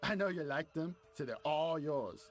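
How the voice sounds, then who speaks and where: A woman's voice: low-pitched, lively intonation, normal speed, faint music behind. A woman voicing a secretive game character who guards a stash of juice and talks in a cagey, conspiratorial way. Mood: sly.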